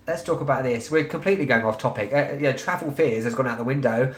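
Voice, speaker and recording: A man in his thirties with a London accent hosts a travel live stream, talking bluntly and rambling along with frequent ums. His voice sits at an ordinary middle pitch. The sound carries a roomy echo. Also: fast. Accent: London English. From England. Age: 30s. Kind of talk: casual live-stream chat.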